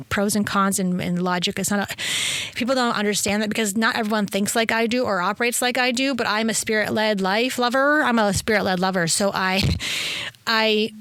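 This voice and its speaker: An energetic woman hosting a spiritual podcast, talking in a rambling, effusive monologue. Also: mid-range voice, no room sound. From Italian heritage. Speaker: spiritual teacher and podcast host. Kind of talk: casual inspirational monologue.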